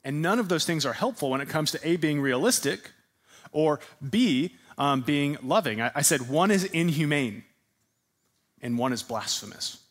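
Animated and a little high-voiced, a man leads a sermon-style class at a moderate pace. He puts questions to the room, repeats the answers he hears, and stresses ideas through heavy repetition of words.

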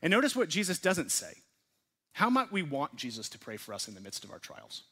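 Man, pastor, church sermon, earnest, rhetorical questions, loud-to-hushed swings, slightly high voice. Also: huge pitch swings, fairly quick, husky. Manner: swings between forceful emphasis and hushed, quiet phrases.

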